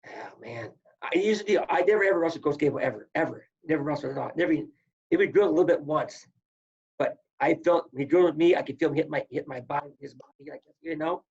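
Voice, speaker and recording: Fast-talking and fairly high-pitched with vocal fry, a podcast guest who once wrestled recounts stories from his career in casual conversation. He animates them by acting out the quotes, captured on dull lo-fi audio.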